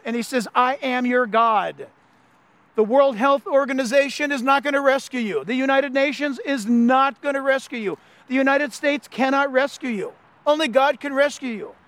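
A man pastor giving an animated, emphatic sermon, often repeating his phrases for effect. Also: very high-pitched, no echo. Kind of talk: Easter sermon.

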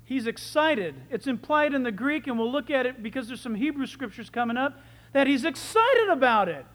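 A man preaching a sermon in an animated, enthusiastic way, his loudness swinging from soft to loud. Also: extremely high pitch, normal speed, big-room sound.

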